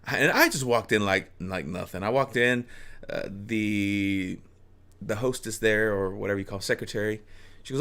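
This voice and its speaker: Male storyteller, lowish voice, loose rambling delivery with chuckles. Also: moderate pace, a bit bright. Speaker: speaker telling a personal story. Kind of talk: casual storytelling.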